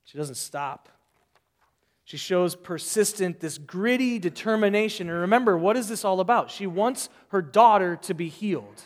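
A male pastor preaching a sermon in an animated way, acting out the voices of people in the story. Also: high voice, moderate pace, hardly any pauses, big-room sound.

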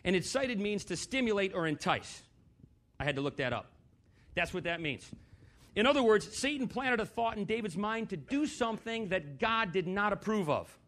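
A man's voice: high-pitched, lively intonation, normal speed, a bit bright. A man preaching a sermon in a church, talking conversationally, putting questions to the congregation and slipping in dry, sarcastic humor.

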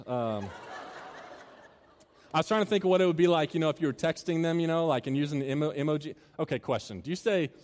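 A campus minister preaches to students in a fairly high, darkish voice, speaking fast with frequent pauses and a little hiss or hum. He shifts from joking and conversational to earnest and building. The long reverb of a large hall surrounds him.

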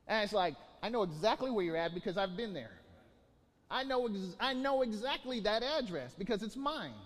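A man's voice: high-pitched, expressive, normal speed, long reverb tail. A man preaching a sermon as pastor, building to emphatic bursts and often restarting his phrases.

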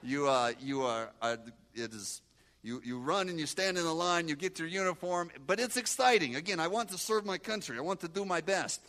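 A man's voice: on the high side, a little fast. Older Moldovan man preaching his testimony. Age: 60s. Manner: broken English, animated storytelling, engages audience. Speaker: guest preacher. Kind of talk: testimony sermon.

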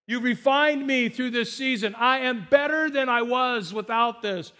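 A pastor with a strikingly high voice for a man delivers his sermon in a loose, talky way. He tosses in joking asides and stumbles over repeated words as he goes. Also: unhurried, pushed and bright.

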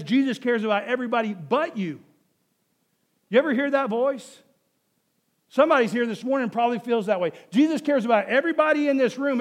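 High-voiced man preaching a sermon. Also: darkish tone. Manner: emphatic, repetitive, rhetorical questions to the congregation. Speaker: pastor.

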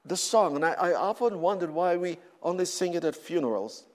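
Emphatic male preacher, high voice. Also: animated, brisk. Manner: emphatic, with repeated words and rising bursts. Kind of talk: sermon.

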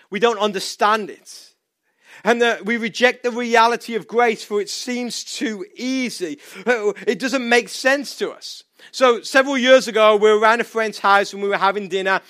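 A man's voice: high-pitched, fairly bright tone, dry recording, clean studio sound. A man from England preaching a sermon as pastor, conversational and storytelling, with emphatic repeated phrases.

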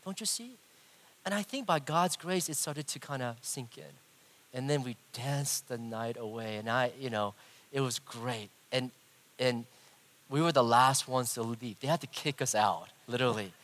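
A middle-aged man preaching a sermon, telling a personal story in an animated way and acting out the voices. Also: medium pitch, normal speed. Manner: animated, acts out voices, big swings in loudness. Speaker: pastor.

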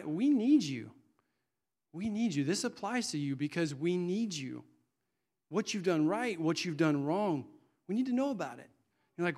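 A man's voice: fairly high pitch, darkish tone. A middle-aged man preaching a sermon in an earnest, conversational way, often restarting his sentences.

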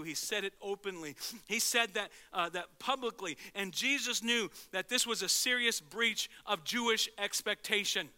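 A male pastor preaching a sermon in an animated way, swinging from loud to hushed and acting out quotes. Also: high-pitched, normal speed.

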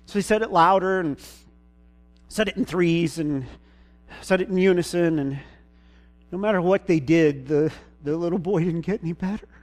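Brief: male preacher, high-pitched voice, casual folksy sermon storytelling. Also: normal speed, pauses often, faint music behind. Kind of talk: sermon retelling a Gospel story.

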